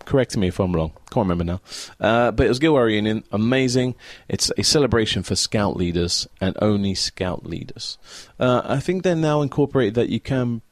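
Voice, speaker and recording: A man's voice: fairly low pitch, lively intonation, fairly quick, few pauses, no echo. A man hosting a casual solo podcast from his home, chatting in a rambling, easily distracted way as a Scout leader. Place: at home by a window.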